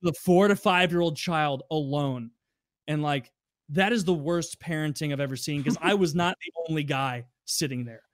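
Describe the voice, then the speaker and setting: Animated storytelling man, dry close mic. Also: on the high side, moderate pace, dry recording. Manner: animated, profane, acts out customers in raised voices. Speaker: podcast co-host telling stories. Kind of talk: casual storytelling.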